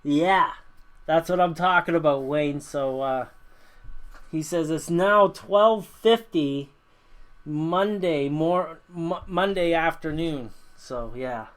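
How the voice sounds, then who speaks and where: Speaking slowly in a slightly high voice, a North American man hosts a casual Q&A on a livestream. His talk is rambling, packed with fillers, and broken up by frequent chuckles.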